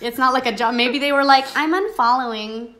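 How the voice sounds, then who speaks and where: A woman's voice: high-pitched, flat delivery, fast talker, pushed and bright, a little hiss or hum. A woman hosting a casual chat, talking with passion that she says people mistake for anger. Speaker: host.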